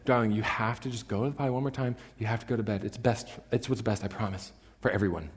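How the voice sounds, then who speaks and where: A preacher voicing a patient father who talks softly and firmly to his small child. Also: fairly low pitch, steady tone, quick pace, close to an everyday voice. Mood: coaxing. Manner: soft, coaxing, gently firm. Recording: long reverb in a church hall.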